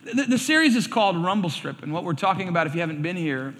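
A man's voice: high voice, sing-song, fast, fairly bright tone. A male pastor preaching a sermon, telling stories animatedly and acting out quoted voices. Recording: reverberant hall sound.

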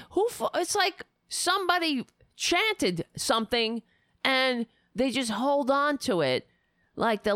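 A woman delivering angry, sarcastic political commentary, ranting heatedly with profanity and sudden loud bursts. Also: fairly high pitch, dry recording, clean studio sound.

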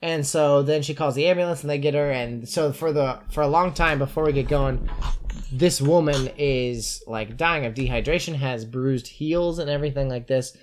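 A podcast host chatting casually as he recaps a book, animated and joking with quick asides. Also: medium pitch.

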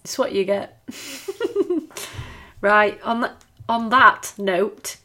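A woman with a northern English accent co-hosting a podcast, chatting casually, blunt, sweary and quick to laugh. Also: mid-range voice, steady tone, sharp tone. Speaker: podcast co-host. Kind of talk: casual chat.

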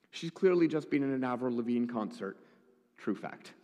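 Brief: male pastor telling a sermon story, slightly high voice, dry jokes, long reverb of a hall. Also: normal speed. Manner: storytelling with wry humorous asides. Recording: echoey hall.

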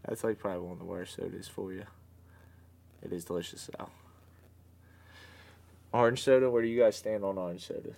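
A laid-back man chatting with friends on a podcast, his voice sitting on the low side. He talks loosely, swears freely and laughs often. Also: fairly even intonation, brisk, gravelly, pauses often, a little mellow. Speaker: podcast co-host. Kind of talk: casual chat.

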